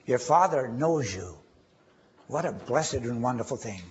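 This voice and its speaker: Guy preaching a sermon, gets loud and high on the big lines, kinda muffled old recording. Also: lively intonation, a little slow, a little hiss or hum. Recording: dull lo-fi recording.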